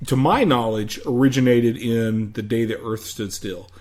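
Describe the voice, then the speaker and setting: A man's voice: medium pitch, steady tone, normal speed, a little mellow. A man co-hosting a casual podcast, retelling movie scenes in a rambling, hedging way. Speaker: podcast co-host. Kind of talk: casual movie recap chat.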